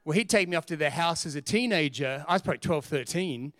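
A middle-aged man, preaching a sermon as pastor in an energetic, joking, emphatic way. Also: on the high side, fast, no room sound, studio quality.

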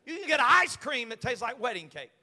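A man preaching a sermon in a high, bright voice, with a long hall reverb trailing each line. He tells the story with jokes and swings from hushed asides to shouted climaxes. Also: very animated, a little fast. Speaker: pastor. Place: large church sanctuary.

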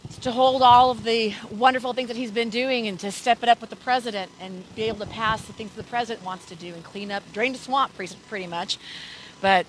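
A woman's voice: on the high side, fairly even intonation, fairly quick, slight background noise, low-quality recording. A woman campaign volunteer answering interview questions outdoors, chatty and repeating herself.

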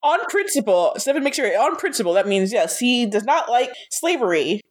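Playful teasing woman, lively pitch. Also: normal speed. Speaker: podcast host and editor. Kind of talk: casual chat.

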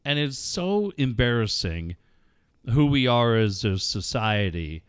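A man hosts a casual talk show, his pitch swinging widely as he jokes and rants. He swears freely. The close mic sounds dry. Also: takes it slowly, clean tone, no echo. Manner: lively, profane, ranting. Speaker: host. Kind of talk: casual radio chat.

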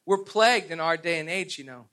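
A man's voice: on the high side, expressive, a little fast, pushed and bright. A middle-aged man preaching a sermon, telling stories with laughs and stumbling restarts. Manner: storytelling with self-deprecating laughs and repeated "and, and".

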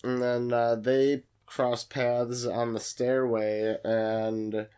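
A man with a mid-range voice chats casually about a film. He keeps an easygoing tone and drops dry, deadpan one-liners. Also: medium pitch, extremely slow, smooth. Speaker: podcast co-host. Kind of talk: casual chat.

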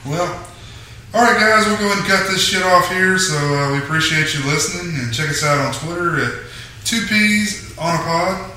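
A blunt, profane man co-hosts a casual podcast chat, his voice bright and forward. He sits back from the mic in a heavily echoing room. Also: high-pitched, normal speed, slight background noise. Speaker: podcast co-host. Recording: echoey room, mic far off.

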